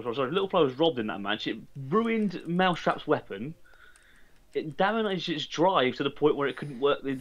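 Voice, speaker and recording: A man's voice: fairly high pitch, fairly bright tone. A British man co-hosting a game stream, joking and teasing, sometimes going off on a rant. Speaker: co-host guest. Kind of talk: casual chat over a game.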